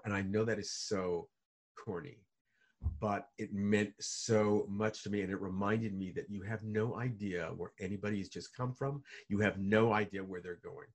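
A man telling stories as a guest in a video call interview, lively, with many restarts and fillers. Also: lowish voice, normal speed, slightly rough. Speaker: guest, author and speaker.

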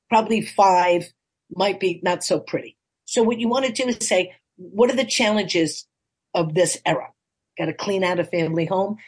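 A woman in her sixties talks through an interview in a chatty, animated way, acting out the voices in her stories. Her voice sits a little low and has a husky, breathy edge. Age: 60s. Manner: chatty, animated storytelling, acts out quoted voices. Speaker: life coach and author. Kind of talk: casual interview chat.

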